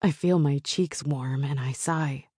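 A woman narrating a romance audiobook in the first person with a soft, intimate storytelling manner. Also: very deep voice, unhurried, breathy edge, no echo, studio quality.

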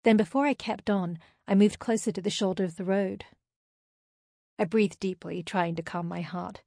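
A woman's voice: mid-range voice, moderate pace, gravelly, darkish tone, no room sound, clean studio sound. Woman narrating a first-person audiobook.

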